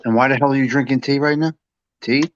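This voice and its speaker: A man co-hosting a casual chat, loud and laughing, swearing freely. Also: mid-range voice, fairly even intonation, quick pace, dull audio. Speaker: podcast co-host.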